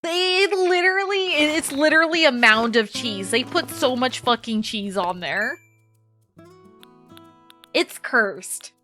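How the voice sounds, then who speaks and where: Bright, high-voiced woman streamer. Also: measured pace, soft background music. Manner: chatty, animated storytelling with frequent swearing. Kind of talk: casual chat while playing a game.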